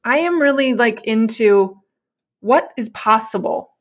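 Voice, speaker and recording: A woman's voice: on the high side, expressive, measured pace. A woman talking frankly and animatedly in a casual chat, often with a laugh in her voice.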